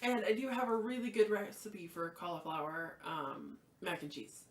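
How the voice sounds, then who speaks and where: A woman's voice: lowish voice, steady tone, normal speed, distant mic. A woman co-hosting a casual livestream, chatting and laughing about food and drinks. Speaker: co-host. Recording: echoey room, off-mic.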